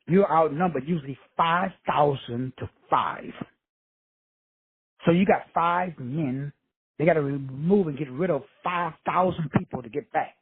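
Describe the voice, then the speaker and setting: Host type: high, very raspy male voice, blunt and profane motivational talk, dry tinny phone-line sound. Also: no room sound. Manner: blunt, profane, streetwise preaching. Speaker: motivational speaker, show host. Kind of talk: casual motivational monologue.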